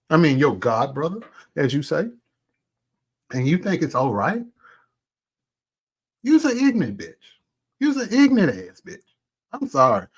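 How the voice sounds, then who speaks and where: A man rants straight into his own vlog, angry and profane, his fairly high voice leaping between shouted outbursts and low muttering. He keeps talking through a burger as he calls out a rival. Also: breathy edge. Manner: angry, cussing, swings from loud to low; eats while talking. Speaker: commentary vlogger. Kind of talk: heated call-out rant.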